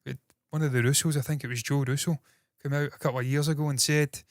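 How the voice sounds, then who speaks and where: A Scottish man hosting entertainment news in casual solo commentary, talking fast with a slightly nasal voice, swearing freely and mocking himself. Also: on the high side, steady tone, dry recording, studio quality. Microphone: processed with equalizers, compression and noise gate.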